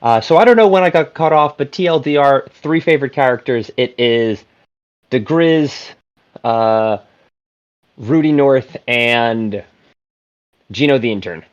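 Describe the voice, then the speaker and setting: A man's voice: medium pitch, a little slow, long pauses, clean tone. A man with a mid-range voice comes through dull, muffled phone-earbud audio. He chats loosely and leans on plenty of fillers in casual podcast talk. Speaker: podcast co-host. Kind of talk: casual chat.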